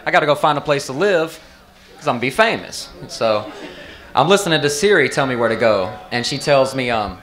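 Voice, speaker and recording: A Southern man in his thirties, with a Southern accent, does a loose, profane stand-up set at a bar's open mic stage. His mid-range voice is fairly bright, a little fast, with lively intonation, and he tells stories with drawled asides.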